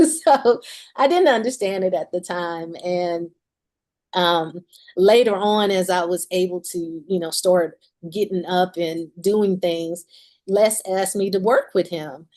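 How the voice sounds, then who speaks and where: A woman's voice: fairly low pitch, slow pace, a little mellow. A woman in her forties, a musician and author, candidly telling a personal story in an interview and laughing often as she talks.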